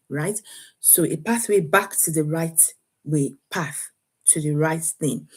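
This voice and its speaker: Woman from africa doing parenting advice, kinda low and breathy, lively, acts out bits. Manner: lively, acts out quotes with a changing voice, repeats words. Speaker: parenting coach. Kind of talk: advice talk to camera.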